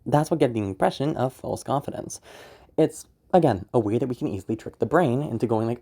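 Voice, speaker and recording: A man's voice: mid-range voice, animated, a little fast, gravelly, dark tone, slightly rough. A man teaching voice acting in a loose, chatty tutorial, swearing now and then. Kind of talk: casual spoken tutorial.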